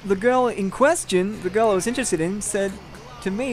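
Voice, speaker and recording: A young man rambles through a candid personal story while playing a game, peppering it with swearing. His voice sits a little high for a man. Game music plays clearly behind him. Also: moderate pace. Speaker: gameplay commentator.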